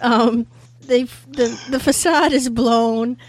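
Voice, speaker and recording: A woman's voice: a little high, fairly even intonation, slow. A woman chatting as a podcast guest, laughing often as she retells a favorite episode. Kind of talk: casual chat.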